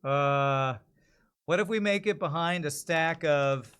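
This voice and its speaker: A man streaming while he works on voice-over lines, thinking out loud and correcting himself as he goes. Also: a little high, slow pace, clean tone. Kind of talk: casual live stream chat.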